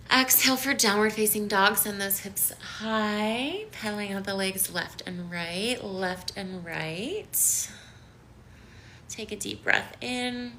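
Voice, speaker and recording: A woman with a bright, lightly high voice guides a yoga flow at a very unhurried pace. Her soothing instructions alternate with bubbly hellos to viewers, over a faint hiss from a device mic in a home room. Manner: slow, soothing cues mixed with bubbly greetings to viewers. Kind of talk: live-streamed yoga class with chat greetings. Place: home studio in downtown Los Angeles.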